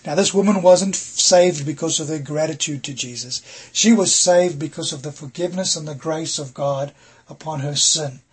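A man's voice: fairly high pitch, moderate pace, husky. A middle-aged man preaching a sermon as pastor, earnestly asking the congregation rhetorical questions.

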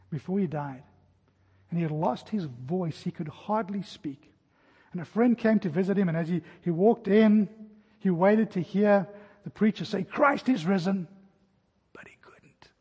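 Husky pastor guy preaching in a big echoey hall, muffled sound, goes quiet and intense on the big points. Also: high-pitched. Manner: storytelling, voice drops to a hush at key points. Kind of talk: sermon. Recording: dull sound with long hall reverb.

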